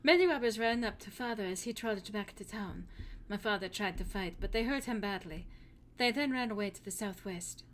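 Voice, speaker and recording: A woman's voice: mid-range voice, moderate pace, slight background noise, close to an everyday voice. A woman voicing a polite, wistful young farm girl, trying a German-style accent with stiff, formal phrasing. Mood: serious. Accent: attempted German-style accent.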